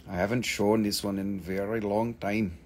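A man hosts a live sales stream for crystals and mineral specimens. He talks with excitable enthusiasm and plenty of swearing as he pitches each piece. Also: normal speed, a little hiss or hum. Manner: excitable, profane sales patter. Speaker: host selling crystals.

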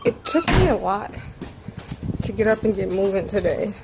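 A woman vlogs from inside her car on a handheld camera and rambles through her day in easy, self-deprecating chat. Her pitch sits right in the middle, and clear car and road noise runs under her voice. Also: very animated, moderate pace. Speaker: vlogger. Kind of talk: casual vlog chat. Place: inside a car while driving. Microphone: handheld camera or phone.

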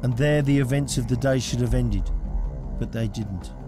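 A man's voice: medium pitch, normal speed. Male documentary narrator over music. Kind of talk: scripted narration. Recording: clear music bed behind the narration.

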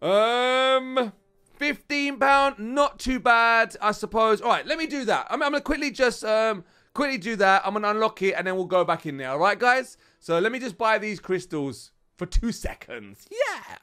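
A British man with a high, smooth, clear voice chats excitably while he plays a mobile game. He talks straight to his viewers as he goes, in a relaxed commentary. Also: normal speed. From United Kingdom. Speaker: gaming channel host. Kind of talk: casual gameplay commentary.

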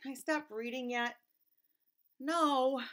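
A woman's voice: medium pitch, lively intonation, unhurried, a bit bright. A woman teacher reading a children's book aloud, playful, with exaggerated mock protests and silly sounds.

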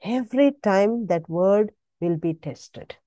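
Slow, animated woman preaching. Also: medium pitch, dry recording. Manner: emphatic, repetitive exhortation with sudden rises. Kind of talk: sermon.

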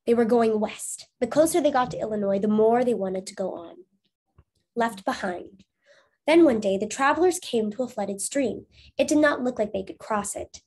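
During a lesson, a woman reads aloud from a storybook to young children at a moderate pace, her voice a little high and a little mellow. She wraps up by asking encouraging questions for them to talk about.

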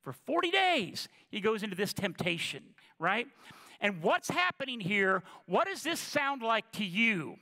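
A man preaching a sermon as pastor, conversational and then slow and emphatic on key lines. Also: high voice, big pitch swings, bright, forceful tone. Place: church sanctuary. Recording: long reverb of a church hall.

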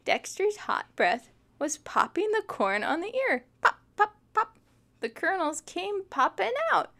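A woman reading a children's picture book aloud, expressive and adding sympathetic asides. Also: very high-pitched, unhurried. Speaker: storytime reader.

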